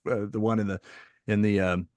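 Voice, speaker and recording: A man's voice: on the low side, little pitch movement, brisk, darkish tone, dry recording. A man, a former umpire, telling stories in casual chat, animatedly acting out the people he quotes. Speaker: retired umpire guest.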